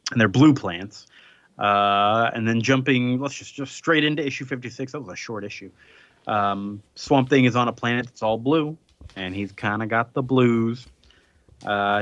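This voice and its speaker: A man's voice: mid-range voice, a bit bright, no room sound, dull audio. A man co-hosting a podcast, retelling a comic issue in a loose, rambling way with playful paraphrased quotes. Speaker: podcast co-host. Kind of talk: casual comic recap chat.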